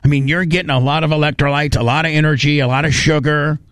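A man's voice: on the high side, steady tone, fast talker, fairly bright tone, no echo. A man hosting a talk radio show, chatting loosely with many fillers and jokes. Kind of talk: casual talk radio banter.

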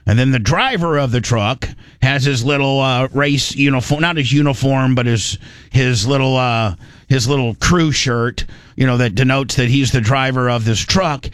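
A man hosting a casual radio show, rambling through stories with lots of restarts and animated asides. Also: medium pitch, moderate pace, dry recording. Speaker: show host.

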